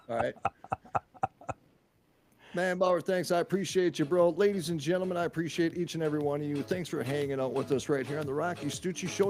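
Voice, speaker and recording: A man's voice: a little high, a little fast. A man hosting a podcast, wrapping up the show in a playful, rambling way with some swearing. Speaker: podcast host. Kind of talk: casual chat.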